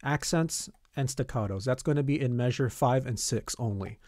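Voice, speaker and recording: A man, a band teacher, walking students step by step through a music notation program, often pausing with "okay" and "all right". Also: medium pitch, darkish tone, no echo, studio quality. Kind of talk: screen-recorded software tutorial.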